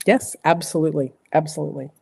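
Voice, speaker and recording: A woman's voice: low-pitched, fairly even intonation, fast, gravelly, husky, no echo. A middle-aged American woman giving earnest, emphatic advice as a talk show guest, repeating phrases for emphasis. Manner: emphatic, repeats phrases, drops to a soft voice for reassuring lines. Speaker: guest speaker.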